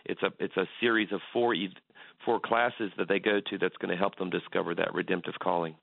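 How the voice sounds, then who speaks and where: A man's voice: low-pitched, fairly even intonation, brisk, creaky, dry recording. A man, a pastor, talking earnestly as a guest on a radio interview, telling stories with many restarts. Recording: tinny phone line, dry.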